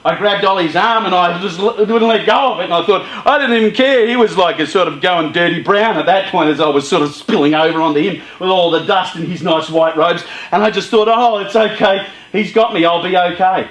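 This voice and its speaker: A man tells a dramatic first-person story at a youth charity gathering, acting out his fears and the voices around him. His voice sits high for a man and rings in a roomy, echoey space. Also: brisk, hardly any pauses, a bit bright.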